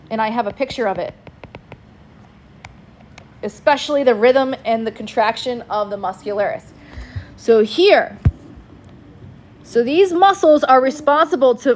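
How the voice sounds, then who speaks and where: A woman's voice: on the high side, darkish tone, slight background noise. A woman teaching a class in a casual, chatty way, prompting students to answer back. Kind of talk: classroom lecture.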